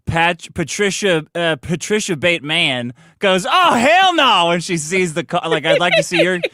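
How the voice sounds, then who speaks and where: A man co-hosting a comedy podcast riffs bluntly and crudely. His voice sits high and bright with a lively, swooping pitch, and the sound is close and dry. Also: normal speed, no echo. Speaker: podcast co-host. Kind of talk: casual comedic banter.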